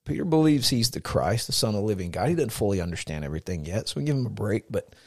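A man hosts a faith podcast in a casual, earnest way, often restarting his words as he thinks. His voice sits fairly low and sounds dry and close. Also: expressive, quick pace, vocal fry, dry recording. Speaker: podcast co-host. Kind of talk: casual chat about faith.

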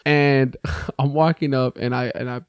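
On a podcast, a young American co-host tells a story in casual, animated, profane chat, jumping to a raised voice whenever he quotes himself. His medium-pitched voice moves at a measured pace with a clean tone, and the studio sound is clean with no echo.

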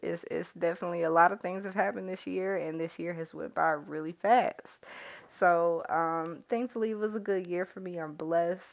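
Soft-spoken woman hosting a podcast. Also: on the low side, fairly even intonation, moderate pace, vocal fry, lo-fi sound. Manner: soft, soothing, guided breathing cues. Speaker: podcast host. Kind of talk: spiritual podcast talk, calm and reflective.

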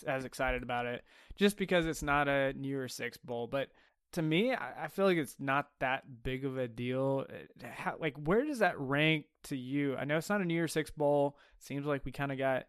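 A man hosts a casual sports podcast, talking in a chatty, stop-start way full of fillers. His voice is smooth and clear. The sound is dry and close. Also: mid-range voice, dry recording. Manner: chatty, halting with restarts and fillers. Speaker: podcast host.

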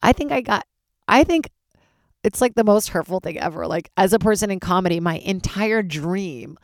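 A woman stand-up comedian hosting her own podcast, rambling and swearing in casual chat, jumping into sudden high excited voices. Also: moderate pace, no room sound, clean studio sound.

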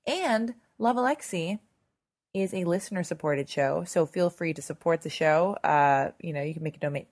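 A hoarse woman hosting her podcast, chatty and animated, swearing freely in a casual intro monologue. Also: mid-range voice. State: hoarse, lost voice. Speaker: podcast host. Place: Los Angeles.

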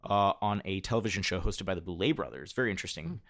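A man's voice: low voice, expressive, quick pace, a bit bright. A man hosting a casual chat, reading out lists of nominees and laughing often. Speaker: host.

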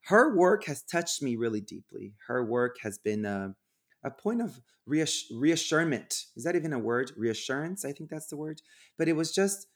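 A man's voice: on the high side, sing-song, moderate pace. A man hosting a spiritual podcast, speaking in an earnest, effusive way with frequent restarts. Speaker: podcast host. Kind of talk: warm spiritual podcast chat.

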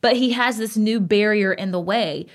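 A woman co-hosts a relaxed podcast conversation. She talks in an emphatic, passionate way, animated as she tells a story. Her voice sits at a medium pitch. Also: normal speed. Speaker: podcast co-host. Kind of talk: casual podcast chat.

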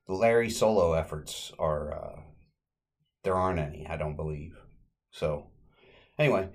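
A man with a slightly low voice hosts a casual podcast. He walks through an old comedy short in a relaxed, rambling way, dropping fillers as he goes. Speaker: podcast host.

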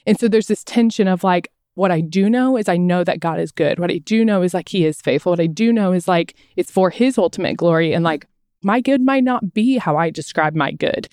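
A woman co-host with a somewhat low voice talks in a heartfelt, meandering way. She leans often on filler words as she works through her thoughts. The sound is close and dry. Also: a little fast, a little mellow, dry recording. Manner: heartfelt, rambling with frequent "like". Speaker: podcast co-host. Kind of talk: conversational interview.

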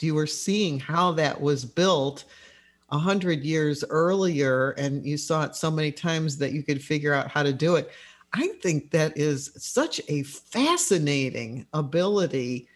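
Interview co-host, musing and fascinated, mid-range voice. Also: mid-range voice. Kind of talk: radio interview.

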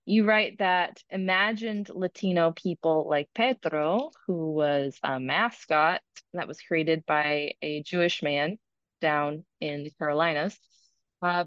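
A woman's voice: fairly low pitch, clear, resonant tone, dry recording. Woman interviewer, dull dry lo-fi sound. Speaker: podcast interviewer.

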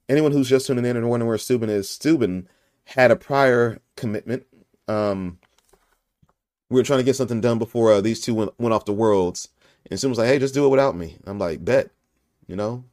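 A man's voice: mid-range voice, a little mellow, dry recording, clean studio sound. A young adult man hosting a casual podcast chat in a goofy, joking way. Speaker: podcast host.

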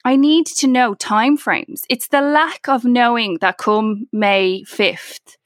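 A woman's voice: fairly high pitch, no room sound, studio quality. An Irish woman in her thirties telling stories in a casual chat, swearing freely and tumbling through her words with lots of "like". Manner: chatty, swears freely, fast storytelling with lots of "like".

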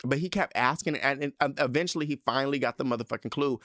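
A man's voice: medium pitch, fast, a bit bright, dry recording, studio quality. A man hosting a podcast, ranting in a casual, sassy and profane way with lots of emphasis. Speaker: podcast host.

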